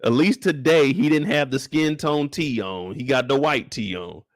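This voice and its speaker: Recapping a show casually during a live stream, a man acts out the characters with overblown high-pitched voices while keeping a laid-back, animated delivery. He speaks at a normal speed in clean studio sound without echo.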